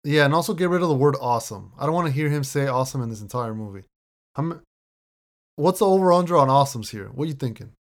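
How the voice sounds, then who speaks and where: A man's voice: medium pitch, animated, fast talker. A man talking loosely about a movie in casual chat, swearing now and then.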